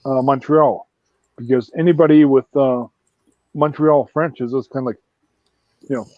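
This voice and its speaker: A man's voice: medium pitch, fairly even intonation, moderate pace, no room sound. A man from Canada chats casually on a stream and rambles with plenty of fillers and false starts. His voice sits in the middle range. The sound is dry and slightly dull. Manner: rambling, full of fillers and restarts. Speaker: host. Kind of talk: casual chat on a live stream.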